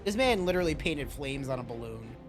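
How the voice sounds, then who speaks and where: A man's voice: mid-range voice, big pitch swings, a little fast. A male streamer casually joking and swearing over gameplay. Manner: profane, joking. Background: game music.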